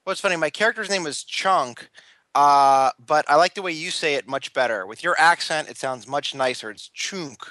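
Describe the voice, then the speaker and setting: Bright, crisp-voiced American man. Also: on the high side, normal speed, no room sound. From Los Angeles, USA. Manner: wry, jokey, self-deprecating. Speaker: guest, entertainment lawyer. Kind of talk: casual interview. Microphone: remote line.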